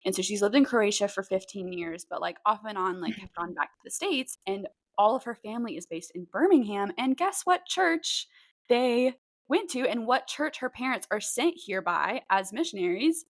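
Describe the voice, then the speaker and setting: A woman's voice: medium pitch, lively intonation, moderate pace, dry recording. A woman in her twenties, co-hosting a podcast with her mother and chatting casually with many "like"s and "um"s. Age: 20s. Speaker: podcast co-host. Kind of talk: casual chat.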